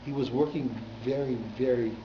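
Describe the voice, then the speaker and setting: A rabbi teaching a class at a community synagogue, telling stories animatedly and repeating words for emphasis. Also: male voice, mid-range voice, steady tone, normal speed. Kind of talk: storytelling lecture. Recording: echoey, dull hall recording with faint noise.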